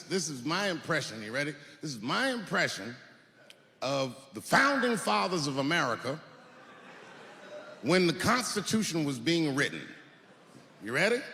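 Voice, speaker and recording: Brief: high-voiced male comic, profane, shouty peaks, big hall reverb. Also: big pitch swings, normal speed, long pauses. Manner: profane, swings from muttering to shouting. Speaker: stand-up comedian. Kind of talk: stand-up comedy. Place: stage before a live audience. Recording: long hall reverb, noisy live room.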